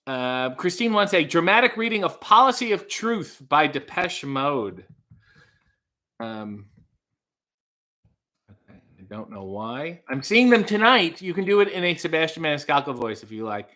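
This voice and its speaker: A man's voice: on the high side, big pitch swings, moderate pace, bright, forceful tone. A man hosting a live stream, casually reading out chat messages and answering with wry, profane asides.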